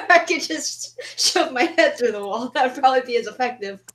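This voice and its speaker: Woman, casual podcast panelist, higher voice, blunt and profane. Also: lively intonation, moderate pace, a crowd in the background. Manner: swearing, ranting, blunt. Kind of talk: casual group chat over voice call.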